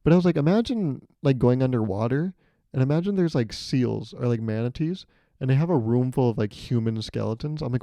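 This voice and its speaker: A young man hosting his own podcast, riffing in an animated, profane way, recorded close on a mic. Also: a little fast, dry recording. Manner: animated, profane, riffing with jumps to high pitch. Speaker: podcast host. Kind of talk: solo comedic podcast monologue.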